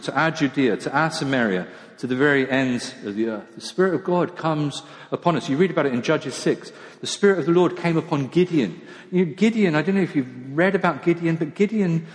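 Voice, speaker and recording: Preacher in a reverberant church. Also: male voice, fairly high pitch, expressive, brisk. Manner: conversational, self-deprecating, with quiet asides. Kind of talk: sermon. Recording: long church hall reverb.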